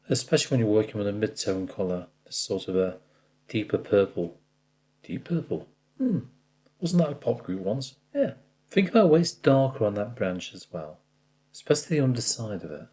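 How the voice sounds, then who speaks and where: A man talks viewers through a watercolour painting in a mellow, warm tone. His pitch moves in an animated way as he explains each step. He chats easily and pokes fun at his own mistakes along the way. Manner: chatty, addresses the viewer directly, jokes at his own slips. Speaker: watercolour art tutor.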